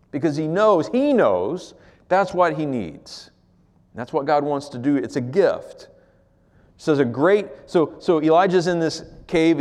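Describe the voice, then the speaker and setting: A man preaching a sermon as pastor, swinging between loud emphasis and near-whispers. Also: on the high side. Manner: swings from loud to hushed, acts out quoted voices. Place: church sanctuary. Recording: long hall reverb.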